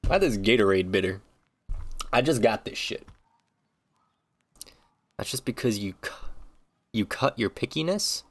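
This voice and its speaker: A man's voice: fairly low pitch, very animated, takes it slowly, long pauses, fairly bright tone. Rambling, foul-mouthed man on stream. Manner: rambling, profane, joking rants. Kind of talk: casual stream chat.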